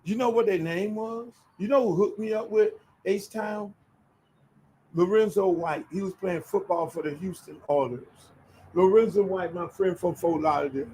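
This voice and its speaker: A middle-aged man hosting his own show, telling casual stories in an animated, profane way. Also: high-pitched, moderate pace, a little hiss or hum, low-quality recording. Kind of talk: casual storytelling.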